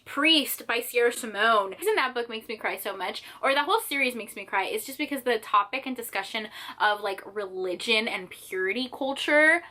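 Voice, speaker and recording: A young woman talks casually to her viewers about her favorite books. She gushes in an animated way and fills her speech with "like". Her voice is bright and sits slightly high. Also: moderate pace, few pauses. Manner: gushing, animated, lots of "like". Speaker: book vlogger. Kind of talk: casual chat.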